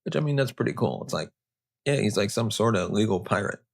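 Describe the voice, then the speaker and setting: A man's voice: lowish voice, expressive, a little fast, gravelly. A man hosting a history show, narrating with joking, conversational asides. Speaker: host.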